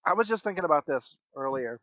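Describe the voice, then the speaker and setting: Man, podcast co-host, high bright voice, deadpan crude one-liners, dry close mic. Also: quick pace, dry recording. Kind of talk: crude comedic banter.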